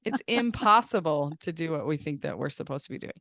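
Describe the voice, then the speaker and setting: A woman's voice: deep voice, expressive, fairly quick, fairly bright tone, no room sound, studio quality. A young woman who hosts a podcast and works as a life coach, chatting casually, laughing often and acting out quotes. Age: young adult. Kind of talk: casual conversation.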